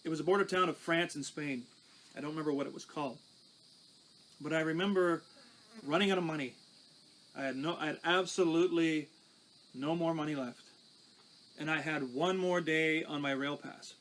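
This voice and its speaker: A man's voice: fairly high pitch, normal speed, long pauses, fairly bright tone, a little hiss or hum, low-quality recording. A pastor telling his life testimony in a conversational, storytelling way. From Canada. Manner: conversational, recounting with small restarts.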